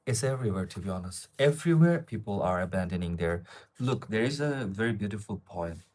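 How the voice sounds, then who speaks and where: A man's voice: fairly low pitch, expressive, fairly quick, darkish tone. A man in his twenties with an Asian accent in English, chatting on a live stream and reading viewers' questions aloud before answering them in a rambling way. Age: 20s.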